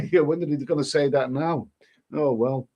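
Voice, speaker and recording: A man's voice: a little high, normal speed, darkish tone, muffled recording. A man hosting a casual live stream, reading viewer comments aloud and answering them with rambling, chuckling asides and many restarts.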